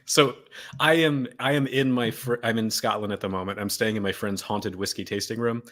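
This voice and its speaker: A man's voice: lowish voice, fairly even intonation, fairly quick, a bit bright. A man chatting casually as a guest, telling an amused story. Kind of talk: casual chat.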